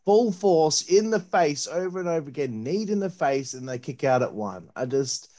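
A man hosting an interview, asking questions hesitantly with many pauses and restarts. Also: on the high side, animated, warm tone. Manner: hesitant, full of uhs and restarts. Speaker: interviewer, host. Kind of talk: casual interview.

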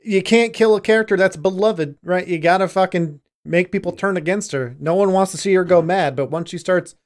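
A man's voice: high voice, a little fast. A man in casual chat, confident and jokey, swearing as he makes predictions.

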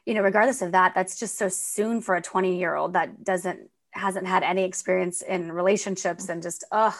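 Lower-voiced woman hosting an interview. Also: fairly even intonation, normal speed. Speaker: podcast host. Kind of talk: sympathetic interview reactions.

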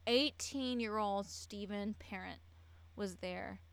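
A woman's voice: medium pitch, slow, vocal fry, clean tone, rough recording. Tipsy woman rambling through a true-crime story. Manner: rambling, stumbles and restarts sentences.

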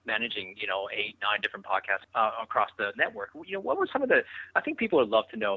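A man hosting a podcast, asking halting questions full of fillers. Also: medium pitch, no echo. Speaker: podcast host. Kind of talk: casual podcast interview. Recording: dull, dry sound.

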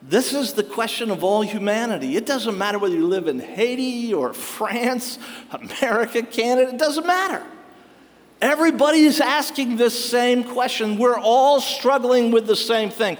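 A man's voice: extremely high pitch, normal speed. A man preaching a sermon, telling stories with wry humor and frequent laughter. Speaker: pastor. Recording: long hall reverb.

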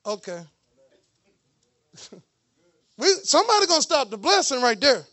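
A man preaching a lively sermon in church, with joking, mocking asides to the congregation. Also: very high-pitched, a little fast. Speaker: pastor.

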